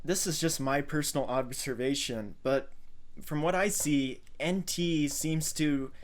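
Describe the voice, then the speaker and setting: A man with a slightly raised pitch hosts a channel and gives analytical commentary on clips. He speaks in an explanatory, observational way and breaks down what was just said. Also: a little slow.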